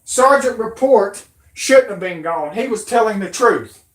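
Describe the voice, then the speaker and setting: Woman host, slow and hostile, cursing rant in an echoey room. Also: on the high side, lively intonation. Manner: aggressive, profane, threatening. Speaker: channel host. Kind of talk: angry rant. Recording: roomy echo.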